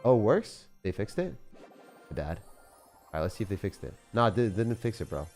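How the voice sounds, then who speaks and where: Young guy streaming, kinda low voice, super chill, says bro a lot, quiet music behind. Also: animated, fairly quick. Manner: chatty and laid-back, says dude and bro, laughs often. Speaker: game streamer. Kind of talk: casual live-stream chat.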